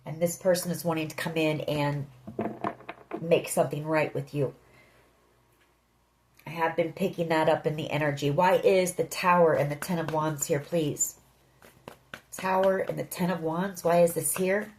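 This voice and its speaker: A woman's voice: sits low, steady tone, normal speed, pauses often, a little mellow, a little hiss or hum, low-quality recording. A woman giving a tarot reading, speaking earnestly and directly to the listener. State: emotional. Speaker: tarot reader.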